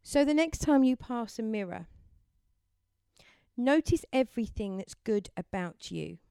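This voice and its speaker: A woman delivers a motivational mindfulness talk in a gentle, encouraging way. Her voice is smooth and clear and sits a little high, and she takes her time over every phrase. The recording is dry, with no room echo. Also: lively intonation, measured pace. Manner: gentle, encouraging, leads listeners through affirmations. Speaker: self-help speaker.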